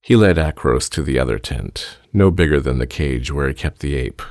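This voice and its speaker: A man narrating a fiction story in a measured, steady reading. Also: extremely low pitch, no echo, studio quality.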